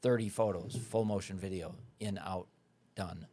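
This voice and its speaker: Deep-voiced man, podcast guest, casual chat, confident and punchy. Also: fairly even intonation, normal speed, warm tone, slight background noise. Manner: confident, pitches his product in short punchy phrases.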